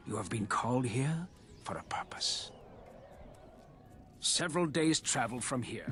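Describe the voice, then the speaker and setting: Big mystical dream spirit, bright lively voice, solemn and grand, faint game ambience. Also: male voice. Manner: solemn, booming prophecy speech.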